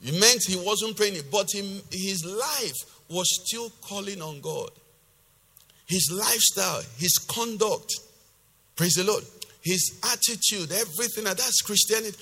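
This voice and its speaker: Forceful pastor in a reverberant hall. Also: male voice, unhurried, slightly rough. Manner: reads scripture loudly and forcefully, then explains in a lower conversational voice. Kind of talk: sermon with scripture reading. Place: church hall. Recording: long reverb of a church hall.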